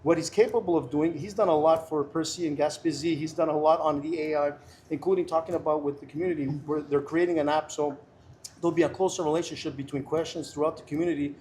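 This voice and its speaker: A man's voice: a little high, fairly even intonation, quick pace, darkish tone, slight background noise. A middle-aged man talking earnestly and emphatically as a candidate guest in a casual interview. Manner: emphatic, earnest and persuasive, many restarts.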